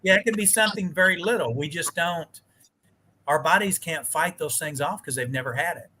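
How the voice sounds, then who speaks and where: A man chatting as a guest on a live stream over a video call, telling animated stories, acting out quoted dialogue and swearing mildly. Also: a little high, fairly quick, noisy background. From United States. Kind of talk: casual chat.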